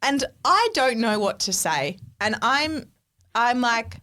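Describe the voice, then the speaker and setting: A woman co-hosting a podcast, telling a story in casual chat, animated and swearing freely. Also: a little high, slow pace. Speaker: podcast co-host.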